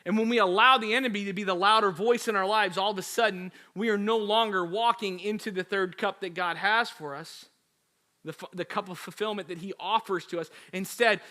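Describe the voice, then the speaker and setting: A male pastor preaching an energetic, emphatic sermon with storytelling. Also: high-pitched, a little fast.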